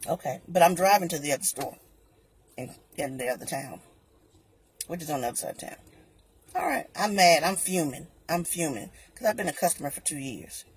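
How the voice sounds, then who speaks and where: A woman on her own vlog telling a customer service story in an animated way, acting out both sides of each exchange. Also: deep voice, a little fast, husky. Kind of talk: storytime vlog, recounting an argument.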